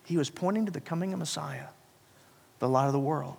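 A man's voice: a little fast, vocal fry, slightly rough. Man preaching in a reverberant hall. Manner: dynamic preaching, swinging from loud emphasis to hushed low passages. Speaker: pastor. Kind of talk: sermon.

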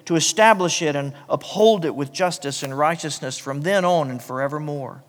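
A man's voice: fairly quick, hardly any pauses. Man preaching in a reverberant hall. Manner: dynamic preaching, swinging from loud emphasis to hushed low passages. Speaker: pastor. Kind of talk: sermon.

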